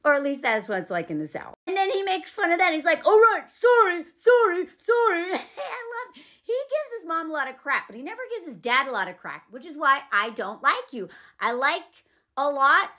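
A woman with a high, bright voice talks through a movie scene in casual, sarcastic commentary. Her pitch leaps up and down as she reacts, and she breaks into laughter often. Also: fairly quick. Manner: animated, sarcastic, frequent laughter.

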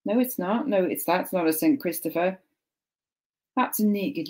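A young woman casually chatting to a live stream while sorting jewellery, muttering soft asides to herself. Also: fairly low pitch, lively intonation, a little slow, pauses often.

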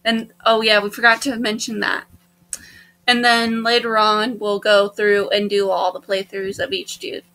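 Speaking a little slowly in a mid-range voice, a young let's play host leads a dating-game playthrough with casual chatter. She gets bossy about how to play and now and then squeals with excitement.

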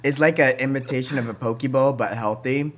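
A man's voice: mid-range voice, a little fast. A young man as a guest on a vlog, chatting casually and cutting in with quips. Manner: joking, interrupts with quips. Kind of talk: casual chat.

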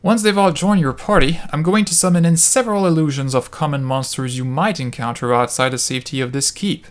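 A man's voice: on the high side, a little fast, natural voice. A man reading a matter-of-fact keep warden. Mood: explaining. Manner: matter-of-fact, skipping text. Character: male gate warden instructor.

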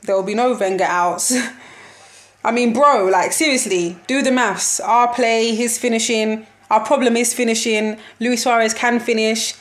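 A woman's voice: on the high side, normal speed. A young woman giving a casual football match reaction, slangy and exasperated, laughing often as she talks.

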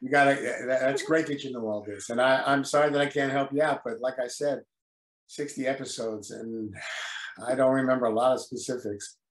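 A man's voice: medium pitch, steady tone, brisk, echoey room, poor audio. An older man, a guest actor on a video call interview, talking hesitantly with lots of repeated words and apologies for his memory.

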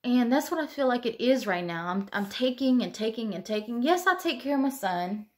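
A woman's voice: a little high, animated, a little fast, darkish tone. A young adult woman talking candidly to camera late at night, tearful and sighing, rambling with many "you know"s. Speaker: vlogger.

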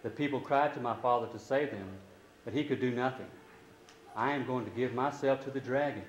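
A man's voice: mid-range voice, fairly quick, echoey room, muffled recording, a little hiss or hum, natural voice. A man voicing a frightened young princess in a storybook, pleading anxiously.

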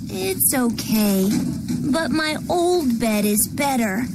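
A woman's voice: high voice, lively intonation, takes it slowly, very noisy, heavily acted. A woman voicing a young boy who wants a new bed in a textbook dialogue. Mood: plain. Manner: pleading, childlike.

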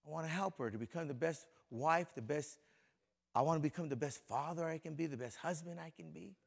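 A man's voice: a little high, brisk, gravelly. A middle-aged male pastor from Compton, California, preaching a sermon in a conversational way and speaking straight to people in the congregation. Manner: conversational preaching, talks directly to congregation members.

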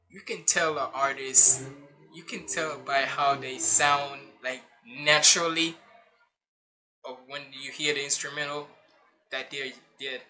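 A man's voice: medium pitch, sharp tone. A man hosting a music reaction channel, talking casually in a rambling, loose way full of slang and restarts.

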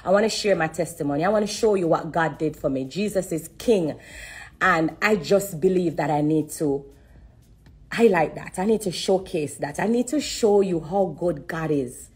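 A woman giving an earnest personal testimony on a live stream, repeating herself and pausing to hold back tears. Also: fairly low pitch, slightly rough. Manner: earnest and repetitive, stopping to steady herself. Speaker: singer sharing a personal testimony.

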